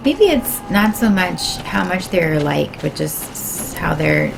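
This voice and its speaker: A woman's voice: fairly low pitch, sing-song, slow pace, gravelly, over music, low-quality recording. A woman bantering casually beside a game streamer, dry and teasing. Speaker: family member visiting the stream.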